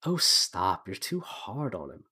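A man doing a soft-spoken, gentle noble mother. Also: low voice, huge pitch swings, unhurried, husky, exaggerated voice.

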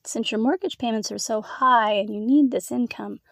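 A woman's voice: a little high, moderate pace, gravelly, no room sound, studio quality. A woman voicing a cold, commanding female executive who taunts in an icy, clipped manner. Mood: taunting.

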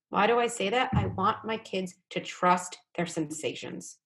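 A woman psychologist speaking as a guest in a conversational podcast interview, animated and often acting out quoted thoughts. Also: medium pitch, measured pace, hardly any pauses. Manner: animated, acts out quoted thoughts in little voices.

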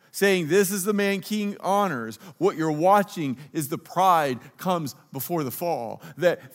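A male pastor preaching a sermon, telling the story and acting out the characters' lines. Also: on the high side. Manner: storytelling, acts out dialogue of the characters.

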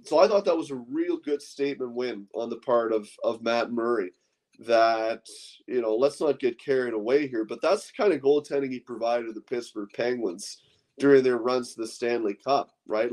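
A man with an ordinary mid-pitched voice talks as a podcast guest. He works through his sports analysis in loose, rambling sentences, full of 'you know' and 'like'. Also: darkish tone.

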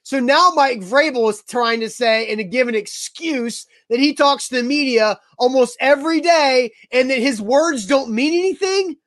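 A man's voice: very high-pitched, moderate pace, hardly any pauses, fairly bright tone, no echo, studio quality. A man co-hosting a sports talk show, building his argument step by step. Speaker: podcast co-host.

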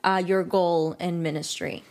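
A woman's voice: on the low side, little pitch movement, a little slow. Conversational woman host. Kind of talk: casual interview.

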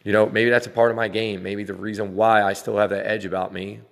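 A man in his forties delivers a blunt, swear-laden vlog rant with a low, gravelly voice. His words ring out with a long reverb, as if spoken in a hard, echoing room. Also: flat delivery, fast. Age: 40s. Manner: blunt, swearing, laughing between lines. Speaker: vlogger dad. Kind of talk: casual rant to camera.

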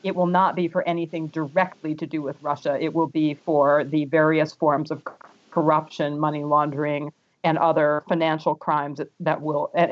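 A man from France, a panel guest making wry, argumentative points in a political discussion, with frequent hesitant restarts. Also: fairly high pitch. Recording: dull lo-fi audio.

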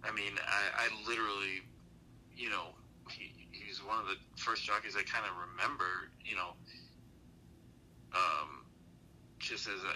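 A man's voice: low-pitched, sharp tone, slight background noise, rough recording. A man in his forties co-hosting a casual podcast, chiming in with short remarks.

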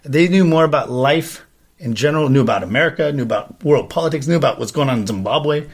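A man's voice: medium pitch, expressive, fast, breathy edge. A man hosting a podcast in casual banter, brash and rambling, swearing often. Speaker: podcast host.

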